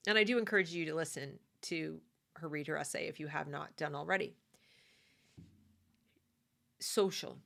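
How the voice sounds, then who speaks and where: A lower-pitched American woman with a gravelly edge to her voice, talking straight to her viewers. She speaks casually and with firm opinions, stumbling into fillers and restarts as she goes. She sounds like someone thinking out loud at home. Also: normal speed, pauses often. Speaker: commentary host.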